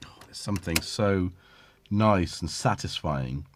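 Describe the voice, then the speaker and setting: A man's voice: deep voice, unhurried, noisy background. A middle-aged British man hosting a livestream, chatting casually into a studio mic and often interrupting himself. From Britain. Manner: rambling, self-interrupting, chatty with the audience. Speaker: livestream host. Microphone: studio microphone.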